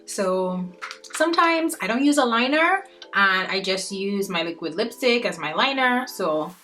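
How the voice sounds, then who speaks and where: A young beauty vlogger talks through a makeup tutorial in a chatty, playful way, speaking directly to viewers and calling them guys and sis. Her medium-pitched voice is expressive, unhurried, bright, and forceful, with faint music behind.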